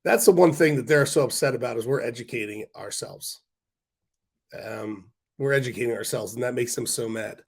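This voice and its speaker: A man with a hoarse, congested voice talks casually to his livestream viewers. He rants bluntly and breaks off into quick asides to the chat. His pitch sits in an ordinary middle range. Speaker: stock market livestream host.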